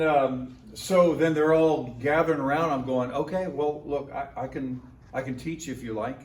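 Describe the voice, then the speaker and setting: A man preaching a sermon, telling a story casually and acting out other people's lines with lively jumps in his voice. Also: takes it slowly, long pauses. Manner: animated, acts out quoted voices with big pitch jumps. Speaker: pastor. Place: church sanctuary. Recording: echoey church hall, mic at a distance.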